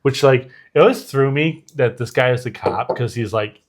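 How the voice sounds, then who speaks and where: Speaking at a moderate pace with a medium pitch, a male podcast co-host chats casually about a movie. He walks through one scene using plenty of filler words and quoted dialogue.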